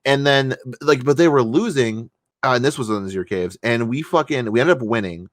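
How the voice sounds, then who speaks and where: A man's voice: mid-range voice, a little fast, dry recording, clean studio sound. A man co-hosting a podcast, telling a story casually with lots of fillers and swearing. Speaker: podcast co-host. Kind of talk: casual chat.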